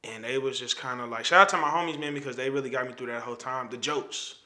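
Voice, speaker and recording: Bright-voiced man telling a story. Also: mid-range voice, quick pace. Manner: animated, slangy, retells dialogue. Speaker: podcast guest. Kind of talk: casual storytelling. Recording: roomy echo.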